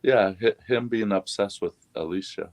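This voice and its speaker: Chill guy with a really low voice, talks dry and close, easygoing. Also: moderate pace, darkish tone, no room sound. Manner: laid-back, brief replies. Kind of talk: casual chat.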